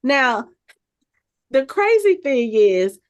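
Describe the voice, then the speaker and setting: A woman co-hosting a podcast, casually recapping an episode with animated, chatty storytelling. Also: high voice, extremely slow. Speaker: podcast co-host.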